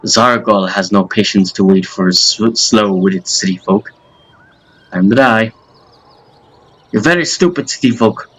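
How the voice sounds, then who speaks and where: A man's voice: lowish voice, measured pace, pauses often, a bit bright, slightly rough, low-quality recording. A man putting on a Russian-accented hobgoblin brute. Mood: menacing. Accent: put-on Russian. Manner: threatening, broken grammar. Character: brutish impatient hobgoblin warrior, male, menacing.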